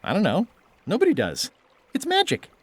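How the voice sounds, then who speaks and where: A rambling pirate hero. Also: male voice, sits high, huge pitch swings, moderate pace, husky, no echo, exaggerated voice. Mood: playful.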